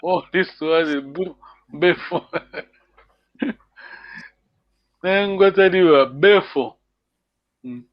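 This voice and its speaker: A man's voice: sits high, takes it slowly, long pauses, no echo. A man teaching a language lesson over a video call, patient and encouraging, laughing often. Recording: dull lo-fi video call audio.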